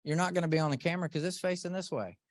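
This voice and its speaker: A middle-aged man giving an earnest, animated motivational talk to a live group, often asking the audience questions. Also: fairly high pitch, racing, dry recording. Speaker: motivational speaker.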